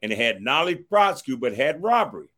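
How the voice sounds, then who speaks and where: A middle-aged man from Washington, D.C., recounts a personal story with an animated delivery. His pitch sits in an ordinary middle range. He keeps pulling the thread back with a stock phrase and acts out the voices of the people in it. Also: quick pace. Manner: animated, acts out others' quoted words, repeats a stock phrase to move on.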